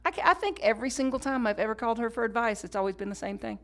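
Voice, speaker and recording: A woman pastor with a fairly high voice and lively intonation preaches very fast with few pauses. She swings from loud, emphatic lines to hushed whispers, leads the congregation in call-and-response, and adds conversational asides.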